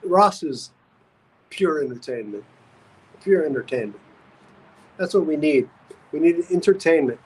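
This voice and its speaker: A man's voice: on the high side, animated, measured pace, pauses often, darkish tone, slight background noise, poor audio. A man hosting a casual livestream, reading comments aloud and rambling with repeated phrases and stammers. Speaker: livestream host.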